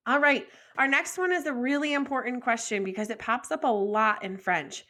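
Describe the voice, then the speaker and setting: A woman teaching a recorded French lesson, modeling phrases slowly and clearly for students to repeat, with friendly encouragement. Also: a little high, bright, forceful tone.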